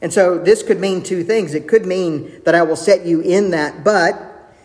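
A man preaching a sermon as pastor, earnest, with shifts of pace and soft, hushed quoted lines. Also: high-pitched, a little slow. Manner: earnest, varies pace, drops to soft intimate tones for quotes. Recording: long hall reverb.

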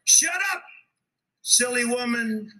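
A man's voice: very high-pitched, measured pace, pushed and bright, heavily acted, rough recording. A man voicing a sly, vicious male snake in a pleading singsong chant, read aloud from a poem. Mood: sneering.

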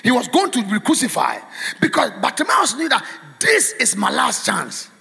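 A man preaching a fiery sermon in a church, shouting and chanting in a sing-song cadence. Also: very high voice, huge pitch swings, normal speed, creaky, husky. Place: church hall. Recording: echoey church hall.

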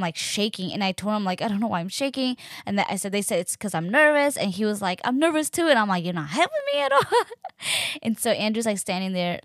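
A young woman recounts a personal story in a loose, chatty way, full of "like" and "um." She jumps into quoted voices with lively energy. Her voice is mid-pitched and recorded close and dry, with no room sound. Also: no echo. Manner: animated, acts out quoted dialogue with many fillers. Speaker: podcast host. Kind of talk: casual storytelling.

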